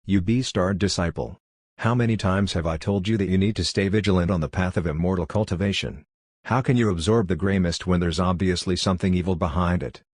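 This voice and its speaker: A man's voice: low voice, fairly quick, a little mellow, dry recording, studio quality. A man reading the part of a proud, stern old sect master in an audiobook. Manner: stern, grave.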